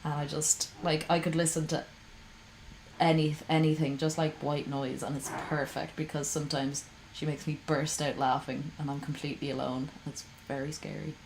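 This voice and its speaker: A woman streamer reacting to a video for her chat, her voice sitting a little low. She talks in a heated, ranting way and swears freely. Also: little pitch movement, normal speed, creaky, darkish tone, a little hiss or hum, poor audio. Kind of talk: casual reaction commentary to chat.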